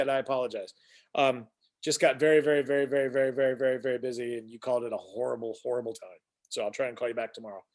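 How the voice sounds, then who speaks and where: A man's voice: mid-range voice, fast talker. A man hosting a casual weekly live stream, rambling as he greets viewers by name and shares news. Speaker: host.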